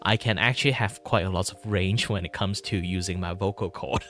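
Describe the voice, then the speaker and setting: A young man from Malaysia talking casually, with a low voice that sits deep in his chest. He rambles and circles back on himself as he goes. Soft music plays faintly underneath. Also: steady tone, brisk. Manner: rambling, with many fillers and restarts. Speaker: streamer. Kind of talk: casual chat.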